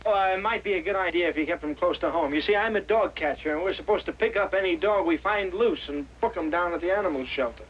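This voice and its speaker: An actor playing a polite, hesitant young dogcatcher from Brooklyn with a Brooklyn accent. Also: male voice, high-pitched, quick pace, few pauses, close to an everyday voice. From Brooklyn, New York. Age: young adult. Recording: dull lo-fi 1960s TV soundtrack with faint hiss.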